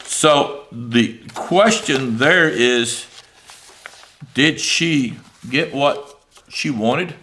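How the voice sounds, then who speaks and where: A man delivers a sermon in a bright, forward voice. He speaks loosely and conversationally, with plenty of fillers, and reads scripture aloud before paraphrasing it. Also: medium pitch, extremely slow, a little hiss or hum. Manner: conversational, animated preaching with many fillers. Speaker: preacher.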